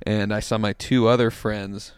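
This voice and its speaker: A laid-back man in his twenties rambles through a story while stoned, swearing often and slipping into impressions of the people he met. His voice sits a little low and comes across smooth and clear in a dry, close-miked space. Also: level tone, moderate pace, no echo. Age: 20s. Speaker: podcast host telling a story. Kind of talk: casual storytelling chat.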